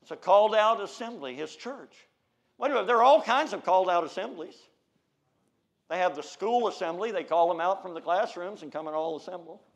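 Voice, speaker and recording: An American man preaching a sermon, swinging between loud shouted declarations and low, quiet asides.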